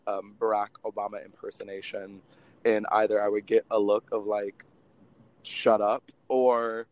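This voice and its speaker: A man's voice: lowish voice, level tone, moderate pace, a little mellow. A man co-hosting a podcast, telling a story in casual chat, laughing often and using many fillers. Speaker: podcast co-host.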